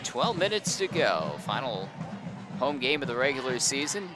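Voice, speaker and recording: A young man calling high school football play-by-play from an outdoor press booth, excitable on big plays. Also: moderate pace. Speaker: play-by-play announcer. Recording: outdoor stadium with band music behind. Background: marching band music.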